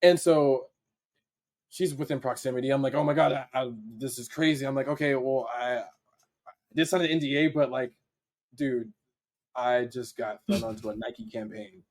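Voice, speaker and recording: A man, a podcast guest, telling a story in casual slang and acting out his own excited reactions. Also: a little high, moderate pace. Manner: animated, acts out his own reactions in quotes; casual slang, frequent "like" fillers. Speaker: podcast guest, dancer and video editor.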